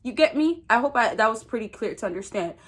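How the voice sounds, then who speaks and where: A woman's voice: a little high, animated, quick pace, slightly rough. A young woman vlogging dating advice in a blunt, emphatic way, often repeating her key phrases. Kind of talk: casual advice monologue to camera.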